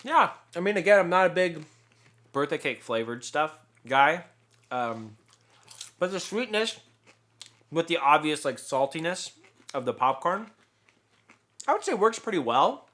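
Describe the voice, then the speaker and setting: A man co-hosting a podcast, chatting casually while tasting snacks, rambling and joking with loud bursts of laughter. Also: fairly high pitch, sing-song, a little slow, pauses often. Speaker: podcast co-host.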